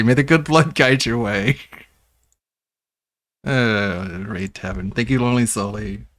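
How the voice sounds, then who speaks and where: A man's voice: fairly low pitch, no room sound, studio quality. A man streaming live, chatting casually and laughing with an AI chatbot. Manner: laughing, relaxed, playful. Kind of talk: casual livestream chat.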